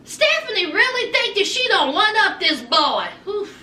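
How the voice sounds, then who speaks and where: Sassy, animated woman with a high, bright voice. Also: measured pace, slight background noise. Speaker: recap vlogger. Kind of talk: casual TV recap chat. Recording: echoey room, mic at a distance.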